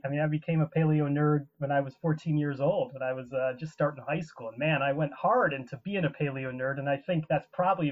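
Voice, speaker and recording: A man's voice: on the high side, phone-quality sound. A man in his thirties from Illinois, a paleontologist guest telling stories with enthusiasm in a casual interview. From Illinois, USA. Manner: chatty, enthusiastic storyteller. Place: home in Edinburgh.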